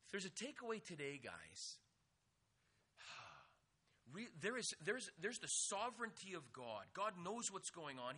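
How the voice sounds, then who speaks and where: Lively, husky-voiced man preaching. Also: high voice. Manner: animated, acts out quotes, jokes with the audience. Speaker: youth pastor. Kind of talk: energetic youth sermon.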